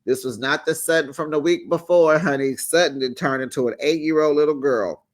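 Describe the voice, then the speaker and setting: A man hosting a casual recap of a reality show, sassy and animated, with lots of "honey" and "child". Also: on the high side, fairly quick. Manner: acts out the quotes in put-on voices.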